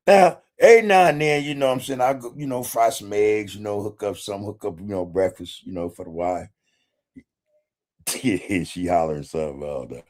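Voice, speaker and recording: A man's voice: fairly low pitch, normal speed, pauses often, darkish tone. A man hosting a casual livestream, reading chat comments in a laid-back way, swearing freely and chuckling often. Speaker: podcast host reading live chat.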